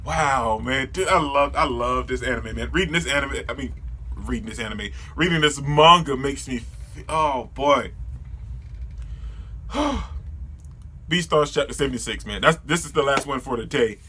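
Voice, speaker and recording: A man doing a casual readthrough of a manga, reacting excitedly, laughing and stumbling over names. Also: medium pitch, moderate pace, a little hiss or hum. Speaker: manga reader and reviewer.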